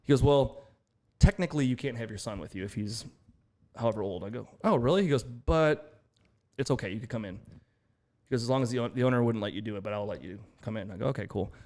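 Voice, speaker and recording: A man co-hosting a casual podcast, telling an animated story and acting out both sides of each exchange. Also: mid-range voice, fast. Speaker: podcast co-host. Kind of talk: casual chat.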